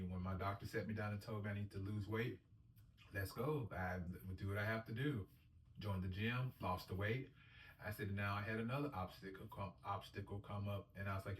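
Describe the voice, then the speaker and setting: A man's voice: on the low side, steady tone, moderate pace, a little hiss or hum. A man, a dialysis patient, telling his story in an earnest, upbeat way, acting out quotes, recorded on a distant mic in a roomy space. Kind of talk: casual personal storytelling.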